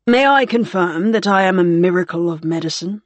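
A woman's voice: on the low side, normal speed, dry recording, natural voice. A woman reading the part of a wry, teasing male naval commander in an audiobook.

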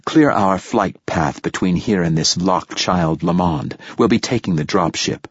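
A man's voice: low voice, animated, a little slow, gravelly, breathy edge, dry recording, muffled recording, full character voice. Brief: male narrator voicing icy female guard commander, clipped orders, dry close sound. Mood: commanding. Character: cold, clipped woman officer of an elite guard.

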